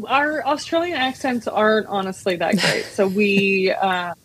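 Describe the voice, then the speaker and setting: American woman guest, 30s, husky edge, dry close mic, rambling friendly chat. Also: mid-range voice, a little slow, dry recording. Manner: chatty, many fillers and restarts, laughs often. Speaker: sommelier and wine importer, guest. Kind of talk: casual podcast interview.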